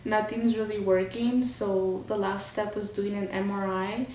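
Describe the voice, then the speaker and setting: A woman's voice: mid-range voice, little pitch movement, a little slow, warm tone, a little hiss or hum. A young woman vlogger telling a storytime in a candid, chatty way, swearing freely. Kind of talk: casual storytime. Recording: roomy echo, from a distance.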